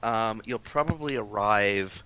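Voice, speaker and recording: Low bright-voiced man as game master. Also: unhurried, a little hiss or hum. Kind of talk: narrating a tabletop game.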